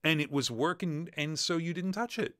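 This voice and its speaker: A male interview host speaking casually and relaxed, summing up and agreeing. His voice is bright and a touch higher than average, recorded dry and close. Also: moderate pace, dry recording.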